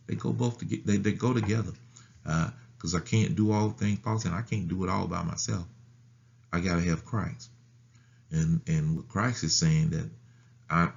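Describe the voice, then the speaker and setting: A man pastor teaching a Bible study in a deliberate way, often repeating phrases and restarting words. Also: low-pitched, gravelly, darkish tone, highs cut off.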